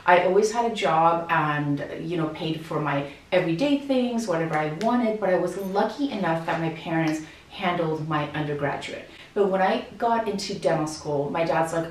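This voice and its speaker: A woman's voice: on the low side, normal speed, few pauses, distant mic, slight background noise. Chatty woman vlogging in a roomy house. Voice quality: chatty, animated, addresses viewers directly. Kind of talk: casual vlog chat. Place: house interior.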